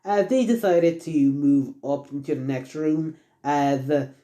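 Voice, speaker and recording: A man's voice: a little high, a little slow, mellow. A man casually narrating a fan story, rambling and stumbling with lots of fillers.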